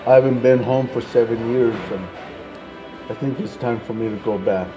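A man's voice: medium pitch, moderate pace, music in the background, close to an everyday voice, poor audio. A man voicing a young male gang leader who talks in casual street slang. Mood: tearful. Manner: casual street talk, says man a lot.

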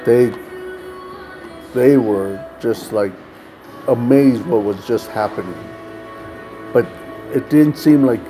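A man's voice: medium pitch, slow pace, long pauses, dark tone, faint music behind, rough recording. A man telling a personal story in casual testimony style, acting out the dialogue of others and saying "man" often. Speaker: storyteller recounting street ministry.

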